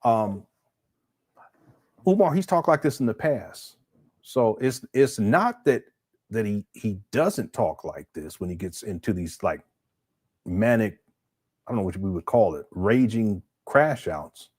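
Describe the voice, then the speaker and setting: A man's voice: fairly low pitch, expressive, a little slow, pauses often, a little mellow, slightly rough. A man hosting a casual live stream, talking off the cuff, stumbling over and repeating words as he reacts to viewer comments. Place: home setup.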